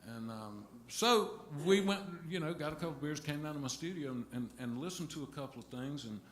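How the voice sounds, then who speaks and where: A middle-aged man telling a halting, rambling story between songs at a live concert, restarting his sentences often. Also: a little high, expressive, slight background noise. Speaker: singer-songwriter on stage. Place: music venue stage. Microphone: stage vocal mic. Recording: roomy live venue sound.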